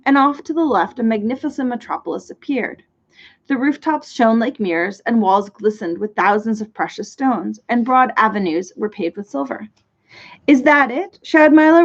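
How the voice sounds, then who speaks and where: A woman reading a children's story aloud with lively, playful narration. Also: fairly high pitch, normal speed. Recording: dull lo-fi recording.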